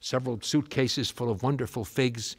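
A man's voice: medium pitch, steady tone, moderate pace, husky. A man from the United States, a musician, telling a comic tall tale in a rambling, stammering, wry way. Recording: long hall reverb.

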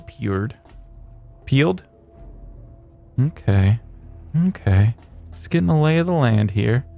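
A man's voice: medium pitch, creaky. A man commentating his own gameplay, chatting casually and taunting enemies in playful bursts. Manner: playful trash talk to enemies, bursts of shouting in fights. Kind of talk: let's play commentary.

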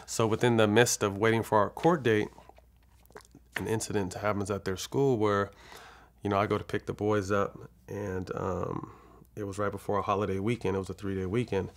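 Man, interview guest, from california, gravelly voice, swears freely, rambling storyteller. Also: on the low side, level tone, moderate pace. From California, USA. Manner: frank and profane, acts out quoted dialogue; rambling, with frequent restarts.

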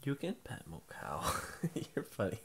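Soft-spoken father coaxing at bedtime. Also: lowish voice, huge pitch swings, a little slow, creaky, a little hiss or hum. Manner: gentle, patient, softly coaxing. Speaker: father putting child to bed. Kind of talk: casual bedtime chat.

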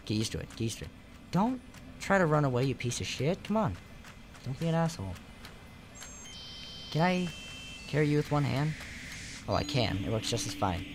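A man's voice: mid-range voice, big pitch swings, normal speed, long pauses, background noise. Goofy, crude young man gaming. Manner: goofy, crude, rambling, swinging from mutters to squeals. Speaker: gaming channel host. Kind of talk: casual let's play commentary.

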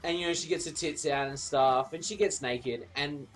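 A man's voice: fairly high pitch, normal speed, faint music behind. A man, a streamer, telling a wild party story in a rambling, profane, casual way while he plays a game. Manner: rambling, profane, laughs at his own story.

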